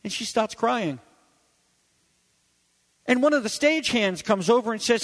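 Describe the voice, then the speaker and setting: A man preaching a sermon with emphatic storytelling, rising and then dropping to quiet. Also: very high voice, expressive, unhurried, pauses often. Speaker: pastor. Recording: long hall reverb.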